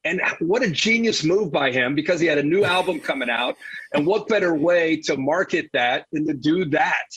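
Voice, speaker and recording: A middle-aged man and football analyst, telling animated stories as a guest, laughing often and restarting his sentences. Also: on the high side, normal speed, slightly rough, low-quality recording. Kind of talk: casual storytelling interview.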